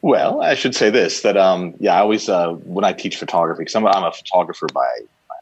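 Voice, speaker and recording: A man with a deep, husky voice talks on a video call, his pitch rising and falling freely as he jokes at his own expense. The sound is dry and slightly dull, like a home webcam microphone. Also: a little fast, no room sound. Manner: animated, self-deprecating, laughing as he talks. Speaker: photographer and storyteller. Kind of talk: casual talk on a video call.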